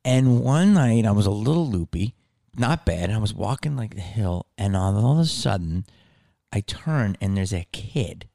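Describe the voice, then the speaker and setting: A man chatting casually and telling a story with plenty of swearing and "dude" thrown in. His pitch rises and falls a great deal as he talks. He sounds loose and animated. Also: normal speed, gravelly. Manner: animated, swears freely, says "dude" often.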